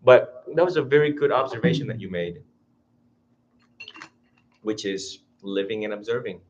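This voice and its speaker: A man's voice: fairly low pitch, animated, moderate pace, darkish tone, a little hiss or hum. Man, Buddhist teacher, informal dharma talk, self-mocking, chatty, muffled lo-fi sound. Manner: chatty, self-mocking, laughs often, acts out little voices. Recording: dull lo-fi recording.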